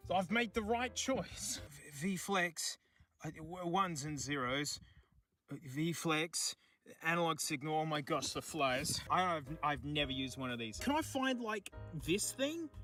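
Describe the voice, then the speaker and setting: A man's voice: on the high side, a little slow, sharp tone, soft background music. An Australian man chatting casually outdoors in remote bushland, joking and talking to the things he finds as he goes. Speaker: streamer. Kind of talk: casual vlog chat.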